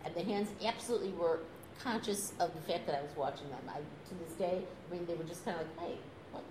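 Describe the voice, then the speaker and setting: An older woman telling a story in a relaxed, animated way, laughing now and then and acting out quoted lines. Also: on the low side, fast. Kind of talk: casual anecdote telling. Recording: echoey room with noise.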